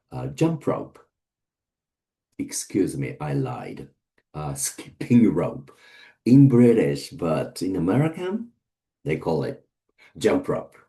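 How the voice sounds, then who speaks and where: An English teacher with a low, warm voice runs a casual vocabulary lesson. He sounds hesitant, filling gaps with lots of fillers as he goes through word pairs one at a time.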